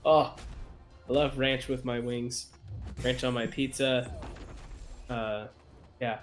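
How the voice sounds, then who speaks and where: A man's voice: medium pitch, little pitch movement, takes it slowly, faint music behind. A man hosting a gaming stream in casual chat, upbeat and joking, reading viewer comments aloud. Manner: upbeat, reads chat aloud, jokes around. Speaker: streamer host.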